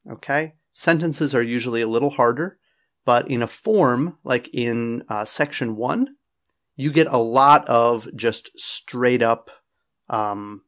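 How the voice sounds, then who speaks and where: A man lectures on exam preparation from his office at a medium pitch, talking casually and directly to the viewer. He keeps checking in with a quick "okay?" or "all right?" after his points. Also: a bit bright. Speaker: IELTS teacher and test writer. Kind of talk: casual classroom lecture to camera.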